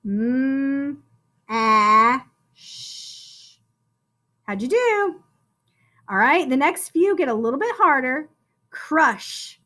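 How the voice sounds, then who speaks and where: A woman teaching a phonics lesson to first graders, sounding out words slowly and encouraging the children in a sing-song teacher voice. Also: high voice, sing-song, bright, forceful tone. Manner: slow, drawn-out sounding out of words.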